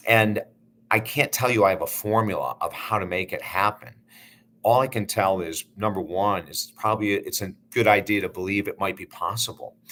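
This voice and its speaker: A man's voice: deep voice, a bit bright, slight background noise. A man hosting his own channel, telling a personal story in an earnest, heartfelt way. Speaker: life coach and channel host.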